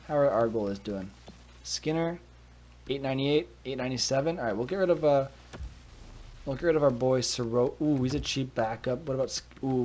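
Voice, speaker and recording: A man's voice: mid-range voice, a little mellow. A man casually commenting on a hockey management game during a live stream, talking through his thoughts and reacting on the spot, into a desk mic with a cover on it. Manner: chatty, thinks aloud, quick reactions.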